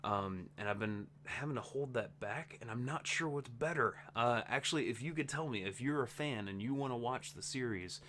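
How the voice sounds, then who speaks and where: A man's voice: mid-range voice, moderate pace, hardly any pauses, fairly bright tone, slight background noise. A man hosting his gaming channel's casual update vlog, tired and rambling, interrupting himself as he talks. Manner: rambling, self-interrupting, chatty.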